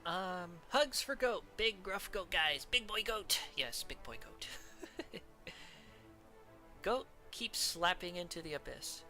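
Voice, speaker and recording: Giggly rambling streamer, bright lively voice. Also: medium pitch, slow, soft background music. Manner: giggly, rambling, trails off and restarts. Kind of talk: casual chat ranking characters, reading chat.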